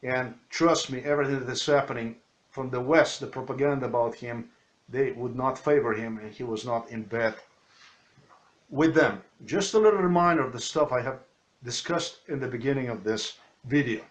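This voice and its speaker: A man narrates over video clips in broken, non-native English. His voice sits at a middle pitch, and his delivery is a loose, ranting ramble. He keeps breaking off to restart and correct himself. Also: moderate pace. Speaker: video commentator.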